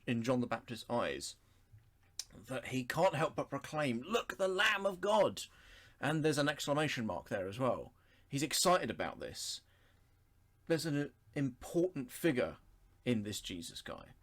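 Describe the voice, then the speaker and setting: Unhurried man explaining scripture. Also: medium pitch, very animated. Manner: thoughtful, unhurried, with frequent pauses and self-corrections. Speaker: Bible teacher. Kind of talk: reading scripture and explaining it verse by verse.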